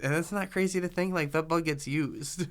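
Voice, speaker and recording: A man's voice: a little high, steady tone, normal speed. A man hosting a casual conversation, rambling with enthusiasm and joking playfully. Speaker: podcast host.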